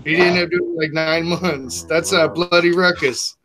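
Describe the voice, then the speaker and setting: Animated high-voiced male podcast host. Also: slight background noise. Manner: animated, acts out the people in his stories with quick shifts. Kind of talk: casual profane storytelling.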